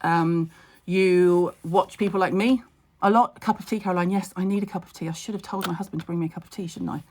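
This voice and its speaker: A woman in her forties, a skincare expert, talking casually on a live stream from home, blunt and wry with quick asides and jokes. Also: fairly low pitch, fairly even intonation, a little mellow.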